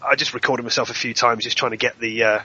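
Bright, husky man in his thirties. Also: medium pitch, steady tone, fast talker, dull audio. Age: 30s. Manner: self-deprecating, repeats words when starting. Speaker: voice actor guest. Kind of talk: casual podcast chat.

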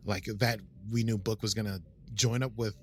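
Nerdy, chatty man with a husky voice. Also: on the low side, normal speed. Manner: nerdy, animated, puts on silly voices. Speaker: podcast co-host. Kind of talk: casual chat.

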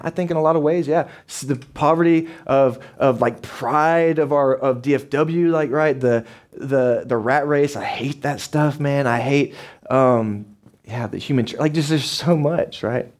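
A young man preaching to his church. His voice sits at an ordinary middle pitch, and he talks loosely and conversationally, with plenty of fillers, tag questions and lively storytelling. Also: moderate pace. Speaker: pastor. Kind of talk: sermon. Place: church sanctuary.

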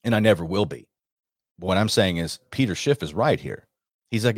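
Deep-voiced emphatic male radio host. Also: animated, moderate pace, husky, no room sound, clean studio sound. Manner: emphatic, rambling, with frequent restarts. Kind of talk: monologue commentary.

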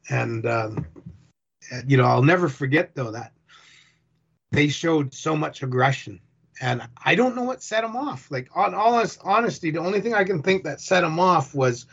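A man's voice: mid-range voice, creaky, husky. A man telling a rambling first-person story about his boat tour, acting out what people said. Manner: rambling, animated retelling with acted-out quotes. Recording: dull lo-fi recording.

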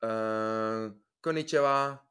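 A man co-hosting a podcast in playful casual chat, joking around and trading quick greetings in several languages. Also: fairly low pitch, fairly bright tone, smooth. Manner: jokey, trades rapid greetings in many languages. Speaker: podcast co-host.

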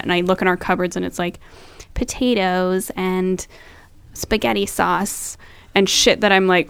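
A woman's voice: medium pitch, steady tone, normal speed, creaky, a bit bright, clear, resonant tone, no echo. A pregnant woman co-hosting a podcast in casual chat, frank and frustrated, swearing casually. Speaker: podcast co-host.

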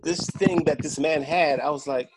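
A man's voice: a little high, moderate pace, very noisy. A man co-hosting a casual talk show, telling a story with lots of laughter and acted-out lines. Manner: animated storyteller, laughs often. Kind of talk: casual podcast banter.

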